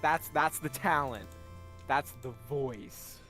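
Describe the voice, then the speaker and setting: A young man co-hosting a casual livestream, his voice a little high. He banters in an animated, teasing way and swears freely. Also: slow pace, faint music behind. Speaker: co-host.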